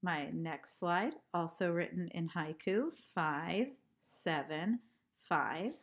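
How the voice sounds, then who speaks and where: A woman teacher giving an art lesson to children, speaking clearly and counting syllables aloud. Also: on the low side, slow pace. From California.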